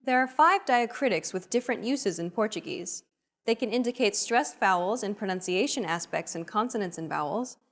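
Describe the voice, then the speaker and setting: A woman narrates the explanatory parts of a language lesson from a script. Her voice sits at an ordinary middle pitch, and she sets out each rule in a steady, even manner. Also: moderate pace.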